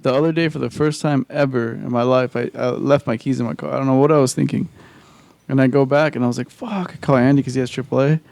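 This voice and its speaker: A laid-back man co-hosting a podcast, telling stories and swearing freely. His voice has a gravelly edge. He is recorded close and dry in a studio. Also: mid-range voice, fairly even intonation, fast, darkish tone, no echo. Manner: laid-back storyteller, swears a lot, laughs often. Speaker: podcast co-host. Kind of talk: casual chat. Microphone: studio mic.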